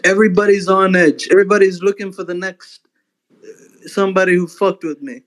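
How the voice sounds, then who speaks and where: A man's voice: high-pitched, fairly even intonation, a little fast, low-quality recording. A man from Africa chatting on a podcast in an emphatic, profane way. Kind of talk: casual podcast chat.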